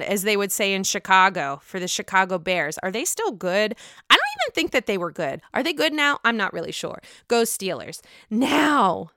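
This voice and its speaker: A woman's voice: mid-range voice, very animated, normal speed, sharp tone, no echo, studio quality. A woman casually recapping a reality show episode, chatty, sassy and freely swearing. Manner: sassy, profane, chatty commentary.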